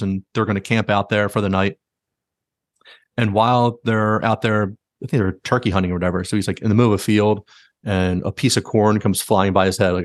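This podcast host's voice sits fairly low, captured with clean studio sound and no echo. He relives stories with animation in a casual chat, using "like" constantly.

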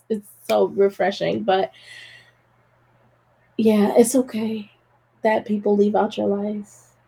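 Crying as she speaks, a woman hosting her own podcast offers emotional encouragement to listeners, addressing them as "y'all." Her voice is slightly high, creaky, and dark in tone, and her manner is casual.

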